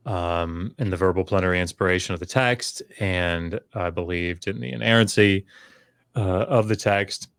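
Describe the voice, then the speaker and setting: A middle-aged man in relaxed conversation, telling a long personal story with many fillers and restarts, livening up when he quotes others. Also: sits low, moderate pace, smooth, no echo. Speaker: podcast guest, scholar.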